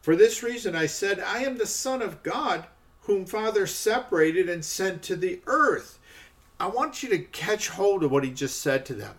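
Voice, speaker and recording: A man's voice: high-pitched, lively intonation, moderate pace, a bit bright. A man giving a conversational podcast Bible teaching, often checking in with "okay" and stressing the quoted lines.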